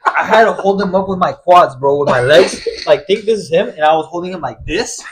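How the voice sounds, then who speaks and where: A young man from Argentina talks as a podcast guest, spinning a story in loose casual slang. His voice sits a little on the high side, and he jumps from one thought to the next. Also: brisk, very noisy. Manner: animated, heavy slang fillers like bro and like. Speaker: guest, professional soccer player.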